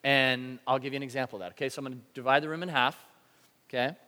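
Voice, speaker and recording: A man preaching a sermon to a congregation, telling a story with animated energy and acting out his own shouts. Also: medium pitch, fast. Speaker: pastor. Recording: long hall reverb.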